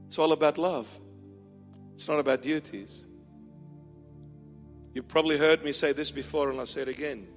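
A man's voice: on the high side, fairly even intonation, normal speed, pauses often. A middle-aged man, a bishop, giving a playful sermon, teasing his listeners and acting out little dialogues. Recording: long hall reverb with faint music.

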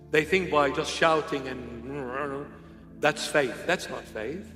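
A man's voice: medium pitch, takes it slowly, bright, forceful tone. A man preaching a humorous, conversational sermon, slipping into playful impressions. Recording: echoey hall with faint music.

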